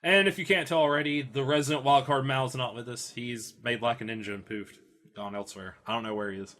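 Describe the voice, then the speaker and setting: An upbeat man hosts a casual podcast with jokey banter. His voice sits at an ordinary middle pitch for a man. He talks in a relaxed, playful way. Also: brisk. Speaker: podcast host.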